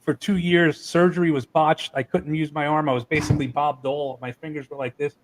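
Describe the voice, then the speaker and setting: A man's voice: on the high side, steady tone, brisk, poor audio. A man being interviewed, telling heated stories and swearing freely. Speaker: interview guest. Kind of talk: casual interview.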